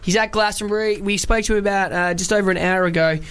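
A man's voice: sits high, steady tone, fast talker, a bit bright, clear, resonant tone. A man hosting a radio show, chatting casually and telling stories. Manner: chatty, tells anecdotes with acted quotes. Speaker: radio host.

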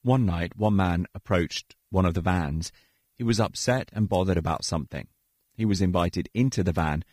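A man with a very low voice tells a story for a radio show in a dry studio sound. He reads in a measured way and gives the characters' lines a lift in pitch. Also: darkish tone, no echo. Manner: measured, reading a story and acting out its dialogue. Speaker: radio host.

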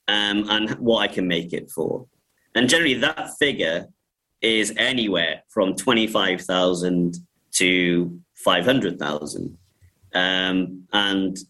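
A film director talking casually in an interview, rambling with many restarts and frequent laughs. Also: male voice, fairly low pitch, bright, forceful tone, low-quality recording.

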